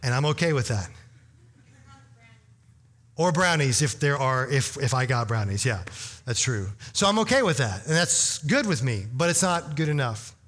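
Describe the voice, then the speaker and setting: A man's voice: mid-range voice, very animated, moderate pace, a bit bright. A man preaching in a humorous, conversational way, telling a story to his congregation with lots of "you know" fillers. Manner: addresses the congregation directly. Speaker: pastor. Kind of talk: storytelling sermon.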